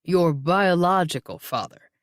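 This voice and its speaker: A narrator voicing a puffy middle-aged male detective who asks calm, polite, probing questions in an audiobook. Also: mid-range voice, unhurried, no room sound, clean studio sound, close to an everyday voice.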